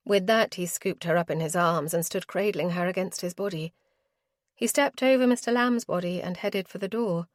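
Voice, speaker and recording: A woman narrating a historical romance audiobook in a steady, expressive reading. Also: medium pitch, moderate pace, dry recording, clean studio sound.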